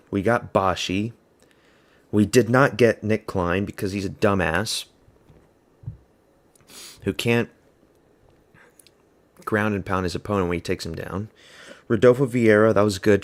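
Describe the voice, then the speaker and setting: A man's voice: lowish voice, steady tone, normal speed, pauses often. A man giving casual, rambling live reaction commentary at a fight watch party, blunt and offhand. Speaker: MMA fan host of a watch party stream.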